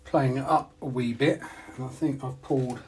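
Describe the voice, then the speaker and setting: A man's voice: medium pitch, fairly even intonation, moderate pace, darkish tone. A man vlogging casually about his RC hobby, thinking aloud and muttering to himself as he works out how parts fit together. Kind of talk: casual talk while repairing. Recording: distant mic with faint hum.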